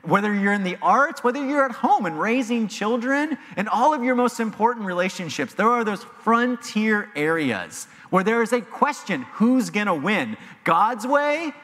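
A man preaching a sermon as pastor, animated and emphatic, in a church sanctuary with long reverb. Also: high voice, normal speed, hardly any pauses. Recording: long reverb of a large hall.

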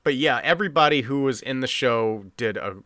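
A man's voice: mid-range voice, fairly quick, fairly bright tone, no echo, studio quality. A man hosting a casual podcast chat, rambling with lots of fillers and restarts. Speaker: podcast host.

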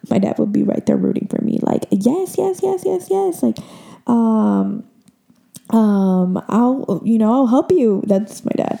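Emotional young woman with a gravelly voice. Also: medium pitch, mellow. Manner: emotional, chatty, many fillers. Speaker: podcast host. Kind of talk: casual chat.

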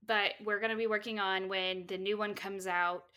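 A woman co-hosting a podcast in casual chat, giggly and animated when excited. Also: medium pitch, moderate pace, smooth. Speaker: podcast co-host.

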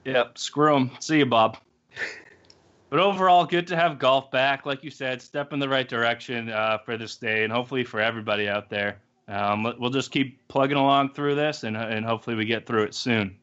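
A man's voice: medium pitch, normal speed, fairly bright tone. A young man co-hosting a podcast, laid-back and casual, with lots of likes and ums. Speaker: podcast co-host. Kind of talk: casual chat. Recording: dull lo-fi podcast audio.

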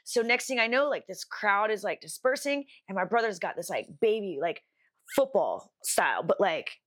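A woman's voice: mid-range voice, sing-song, moderate pace, a bit bright. A young woman co-hosting a podcast, telling a story in a rambling, casual way, full of fillers and swearing. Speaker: podcast co-host. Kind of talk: casual chat.

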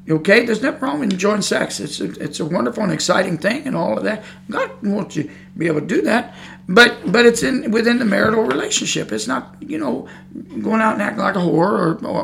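Excitable preacher, gravelly voice. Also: male voice, high-pitched. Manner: conversational, repeats himself. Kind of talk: podcast sermon.

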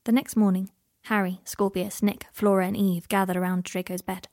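A woman narrating fan fiction in a calm, steady storytelling voice. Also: mid-range voice, moderate pace, no room sound, studio quality. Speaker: reader.

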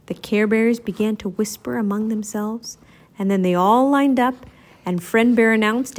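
A woman's voice: fairly high pitch, normal speed. A woman reading a children's storybook aloud, narrating expressively. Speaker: storybook reader.

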